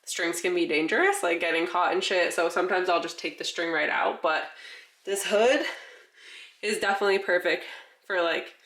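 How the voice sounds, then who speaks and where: Congested chatty woman vlogger, low voice. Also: moderate pace, a bit bright, roomy sound. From New York. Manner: chatty, many "like" fillers. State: congested, a bit winded. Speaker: farm vlogger. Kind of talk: casual vlog.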